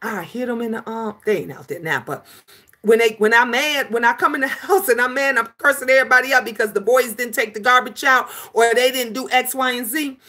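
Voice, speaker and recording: A woman's voice: on the high side, brisk, sharp tone. A middle-aged woman chatting casually on a livestream, reading viewer comments and calling people honey.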